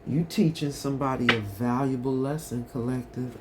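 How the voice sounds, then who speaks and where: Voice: mid-range voice, steady tone, normal speed, noisy background. A tarot reader giving a collective reading in a casual, chatty way, talking straight to the viewers.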